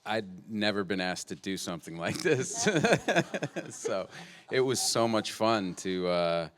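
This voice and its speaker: A man, an actor at a press conference, talking playfully with jokes and quick restarts. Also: on the low side, sing-song, a bit bright. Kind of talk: joking press-conference banter.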